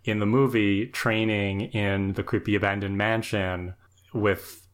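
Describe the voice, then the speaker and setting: A man's voice: lowish voice, flat delivery, measured pace. A man co-hosting a casual podcast, giving thoughtful, dryly humorous commentary on a TV episode. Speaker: podcast co-host. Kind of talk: casual chat.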